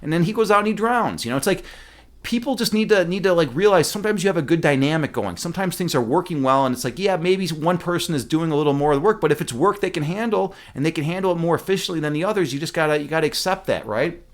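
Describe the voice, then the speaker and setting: A man's voice: a little high, expressive, quick pace. A young man from the Midwestern US hosting a casual livestream, rambling, swearing freely and joking with his chat. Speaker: livestream host.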